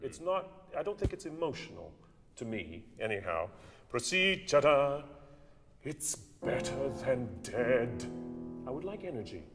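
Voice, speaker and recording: A man's voice: a little high, normal speed, creaky, faint music behind. A man leading a singing masterclass, coaching a student and acting out lines as he goes. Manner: animated, demonstrates lines by half-singing them. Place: theatre stage. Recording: long hall reverb.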